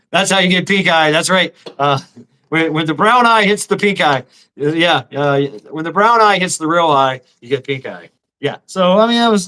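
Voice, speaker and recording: A middle-aged male streamer rambles through crude, profane stories, laughing often. His voice sits a bit high and comes across bright and edgy. He sounds tired and short of breath. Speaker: livestream host. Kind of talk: casual livestream chat.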